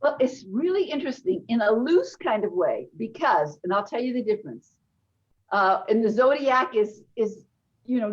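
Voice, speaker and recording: A woman's voice: fairly high pitch, breathy edge, dull audio. An older woman teacher speaking earnestly, full of wonder, over a video call. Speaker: guest, energy teacher. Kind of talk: video interview.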